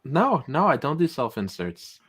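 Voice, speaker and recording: A man's voice: very animated, normal speed, a bit bright, slightly rough. A man hosting a casual livestream, reading chat comments aloud with jokey mock outrage. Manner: jokey, mock-outraged, rising pitch when protesting. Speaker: livestream host.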